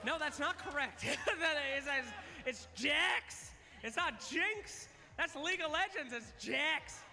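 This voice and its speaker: A man's voice: very high voice, animated, takes it slowly, creaky. A man hosting a live trivia contest on stage, playful and teasing as he counts down answers. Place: large event hall. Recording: long arena reverb.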